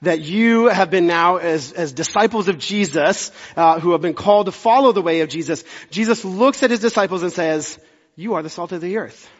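A man's voice: sits high, moderate pace, few pauses. A young man, a pastor preaching a conversational, self-deprecating sermon with jokey asides. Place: church sanctuary. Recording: dull sound with long hall reverb.

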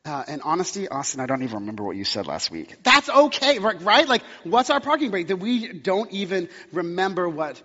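A young male pastor delivers a sermon in a casual, conversational way, trading in self-deprecating humor and stories. His voice sits high for a man. The sound is muffled and lo-fi, with long reverb from a large church hall. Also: sing-song, brisk, few pauses, pushed and bright.

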